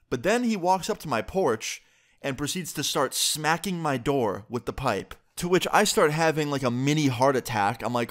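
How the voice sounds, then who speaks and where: Young man, story-time vlog, casual, animated delivery, mid-pitched voice. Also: a little fast. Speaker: YouTuber.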